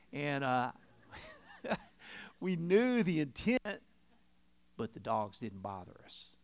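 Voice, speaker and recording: A middle-aged man preaching a sermon in a conversational, storytelling way, swinging between loud and quiet. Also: medium pitch, wildly swooping pitch, slow, long pauses. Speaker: pastor.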